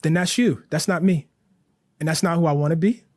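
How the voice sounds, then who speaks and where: A man being interviewed, speaking earnestly and growing animated, with frequent "like" and "you know" fillers. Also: fairly high pitch, a little fast, no echo, studio quality. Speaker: interview guest, writer. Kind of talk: impassioned interview talk.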